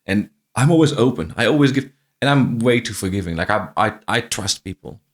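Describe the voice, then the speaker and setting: Low-voiced man telling stories in faint Irish-tinged English. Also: lively intonation, brisk. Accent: faint Irish-tinged non-native English. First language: not English. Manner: restarts often, repeats phrases, laughs as he tells stories. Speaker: podcast guest, franchise CEO. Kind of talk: casual interview storytelling.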